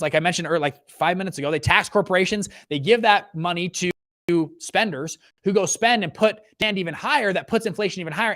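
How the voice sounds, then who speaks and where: A man's voice: on the high side, dry recording, clean studio sound. A young man hosting a casual livestream about economics and investing. He talks with lots of energy, keeps checking in with "okay" and "right", and restarts his sentences often. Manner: energetic, lots of fillers and okays. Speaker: fund manager and show host.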